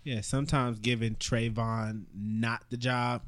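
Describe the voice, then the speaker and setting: A man's voice: mid-range voice, little pitch movement, unhurried, fairly bright tone. A young man co-hosting a casual podcast chat, provocative and joking, laughing often. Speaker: podcast co-host.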